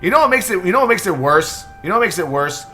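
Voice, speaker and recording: A young man hosting a live stream, stressed and excitable, swearing and thanking subscribers in quick bursts. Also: high-pitched, soft background music. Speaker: livestream host. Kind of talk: live reaction stream chatter.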